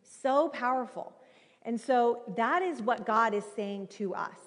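A woman in her thirties preaching a sermon, telling a personal story in a conversational, animated way with many fillers. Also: a little high, a little slow. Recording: reverberant hall.

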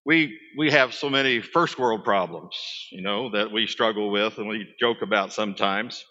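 A man's voice: on the low side, moderate pace, pushed and bright, big-room sound, dull audio. A man, preaching a sermon as a pastor, talking conversationally with asides to his congregation.

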